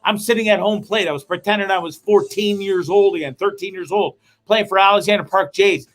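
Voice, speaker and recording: Profane, rambling man with a high voice. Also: brisk. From Canada. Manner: rambling, profane, animated storyteller. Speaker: host. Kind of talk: comedic live-show monologue.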